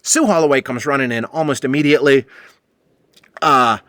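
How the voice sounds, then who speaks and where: A man in his forties hosting a podcast, telling a story in a casual, profane, animated way and acting out the other people's voices. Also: mid-range voice, normal speed, long pauses, dry recording, clean studio sound. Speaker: podcast host.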